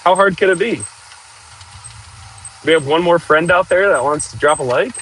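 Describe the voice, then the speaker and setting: A man hosting a casual outdoor livestream, chatting and joking with viewers while clearing trees with a machine. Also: a little high, moderate pace, a bit bright, low-quality recording. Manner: chatty, jokey, talks to viewers while working. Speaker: livestream host.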